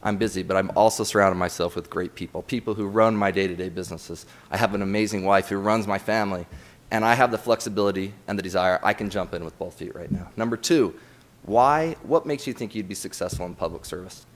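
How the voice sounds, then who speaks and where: A man's voice: low-pitched, fast talker. A man applying for a city council seat, speaking in an easygoing, self-deprecating way with some filler sounds. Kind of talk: spoken application to a council.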